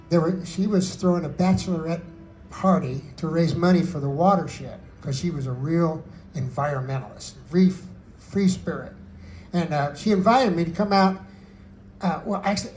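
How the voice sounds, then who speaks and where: A man's voice: fairly high pitch, a little mellow, a little hiss or hum, low-quality recording. A man who sings his own country songs to guitar and then tells their stories in a chatty, laughing way, at a book release party. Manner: chatty, laughing storyteller with fillers. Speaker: singer-songwriter telling song stories.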